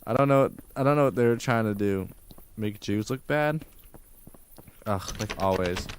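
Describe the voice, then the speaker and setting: Slow-talking man joking through a game stream. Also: on the low side, clean tone, no echo. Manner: joking, swearing, laughing aloud, outbursts of surprise. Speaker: livestreamer. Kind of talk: casual live game reaction.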